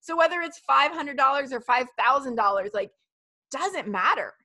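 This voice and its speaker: Woman in her 30s hosting a live chat, kinda high voice, super bright and animated, tells stories fast and loose. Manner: chatty, animated storytelling. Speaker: host. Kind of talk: casual live-stream chat.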